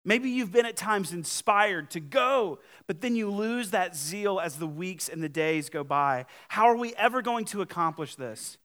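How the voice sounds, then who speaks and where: A man preaching a sermon as pastor, talking to his congregation in a conversational, emphatic way, his loudness swinging widely. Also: high-pitched, expressive, unhurried, hardly any pauses.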